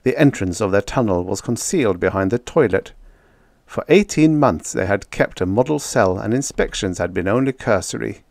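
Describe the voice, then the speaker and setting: Man, low voice, audiobook narrator, measured steady reading, dry close recording. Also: gravelly, dry recording. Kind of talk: scripted story narration.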